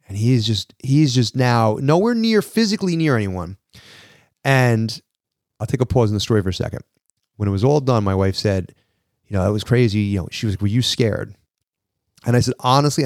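A man, co-hosting a podcast and telling a story in an animated way, acting out the people he quotes. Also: fairly low pitch, no room sound, clean studio sound. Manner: animated, acts out quoted voices. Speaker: podcast co-host. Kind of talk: casual storytelling.

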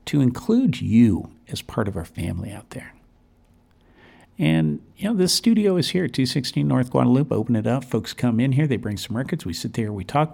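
Gravelly-voiced chatty radio host man. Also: mid-range voice, darkish tone. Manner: rambling, enthusiastic, chatty. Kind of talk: casual on-air radio talk. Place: radio studio.

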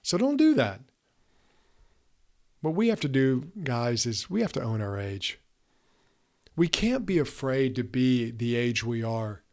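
A man in his fifties speaks as a podcast host, coaching his listeners in an earnest, emphatic way. His voice sits at an ordinary middle pitch for a man. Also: very animated, unhurried, pauses often, darkish tone. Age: 50s. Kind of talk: motivational podcast talk.

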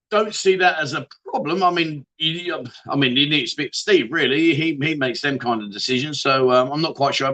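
Chatty, bright-voiced livestream host. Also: male voice, on the high side. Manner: chatty and jokey, banters with viewers. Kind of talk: casual livestream chat reading viewer comments.

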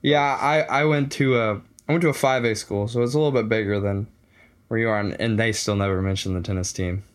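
A man's voice: fairly low pitch, fairly even intonation, fairly quick. A young man from Texas hosting a casual interview, laid-back and joking with plenty of slang. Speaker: host.

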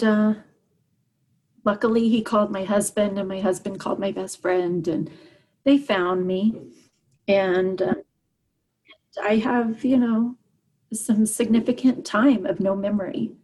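A woman telling her personal story as an interview guest, earnest and halting, with many fillers and restarts. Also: medium pitch, darkish tone, low-quality recording. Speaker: guest, parent.

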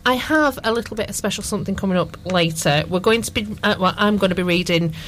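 A woman's voice: mid-range voice, quick pace, a bit bright, slight background noise. A woman co-presenting a local radio show in casual chat, self-deprecating, with frequent restarts.

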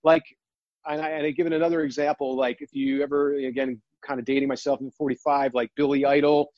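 A man earnestly telling a personal story, near tears, halting and restarting often. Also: mid-range voice, little pitch movement, darkish tone, no echo, muffled recording. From New Jersey. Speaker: guest.

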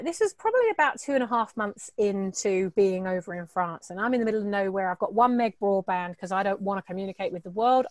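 A middle-aged woman appearing as a guest entrepreneur tells her story candidly and with animation, swearing, laughing, and acting out the voices of people she quotes. Her voice is mid-range and the recording is dry.

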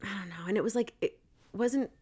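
A woman's voice: medium pitch, a little fast, darkish tone, breathy edge. Chatty, blunt woman podcast guest. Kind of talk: casual chat.

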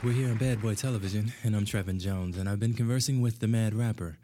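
Casting: a man as a smooth TV talk show host, low-ish voice. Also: quick pace, mellow, a little hiss or hum, natural voice. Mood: polished. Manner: polished broadcast delivery.

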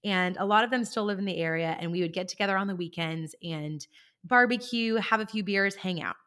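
A woman hosting a coaching podcast in an easygoing, conversational voice. She tells stories with energy and keeps checking in with the listener, pitched right in the middle range for a woman. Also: a little fast. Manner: animated storyteller, checks in with listeners. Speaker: podcast host and life coach.

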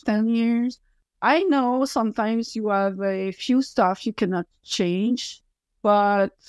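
A French Canadian woman in her fifties speaks English at an unhurried, deliberate pace, her first language being French. She is blunt and emphatic as an interview guest. Her voice sits at a middle pitch and sounds dry and close. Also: darkish tone, no room sound. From Quebec City, Canada. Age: 50s. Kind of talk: casual interview chat.

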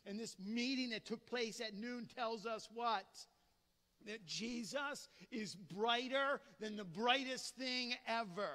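A man preaching a sermon dramatically, asking rhetorical questions and swinging between loud and hushed delivery. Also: high-pitched, in a large hall.

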